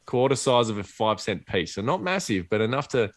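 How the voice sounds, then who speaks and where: A man's voice: medium pitch, big pitch swings, fairly quick. A man with an Australian accent, co-hosting a casual pub podcast, sweary and rambling, often laughing. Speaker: podcast co-host. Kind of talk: casual chat.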